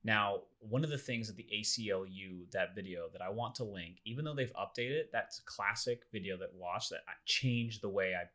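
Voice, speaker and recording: A man with a lowish voice co-hosting a casual podcast, telling stories with lots of energy. His tone is bright and forceful, and he slips into the voices of the people he describes as he goes. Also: a little fast, hardly any pauses. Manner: animated storyteller, acts out quoted people. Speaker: podcast co-host.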